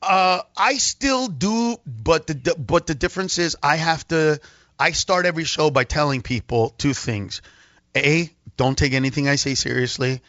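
A male comedian guest telling an animated story on a talk radio show, acting out voices and laughing often. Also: a little high, normal speed, no room sound, muffled recording. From Mexican-American.

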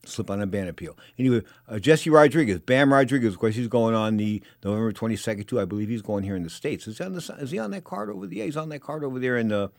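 Fast-talking, rambling older male radio host. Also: medium pitch, gravelly, dry recording, clean studio sound. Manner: rambling, opinionated, repeats himself. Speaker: boxing radio show host. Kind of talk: casual talk radio monologue.

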